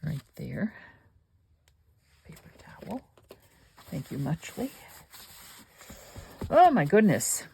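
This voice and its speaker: A woman's voice: sits low, very animated, slow, gravelly, long pauses, mellow, slight background noise. A woman hosting a crafting video, chatting and thinking aloud with rambling asides while she works. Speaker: crafting channel host.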